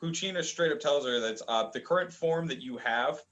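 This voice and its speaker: A young man co-hosting a casual review chat, rambling and halting with lots of fillers. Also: medium pitch, fairly bright tone, highs cut off. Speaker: manga review co-host.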